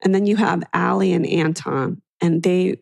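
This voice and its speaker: Gravelly-voiced woman podcast host. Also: fairly low pitch, steady tone, moderate pace, a little mellow, dry recording, studio quality. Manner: chatty, plans the episode. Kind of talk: casual chat.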